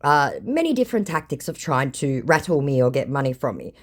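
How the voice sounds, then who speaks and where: A woman's voice: extremely low pitch, sing-song, a little fast. A woman from Australia who hosts her own channel, telling her story with mocking sarcasm. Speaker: channel host. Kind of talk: sarcastic chat recounting messages.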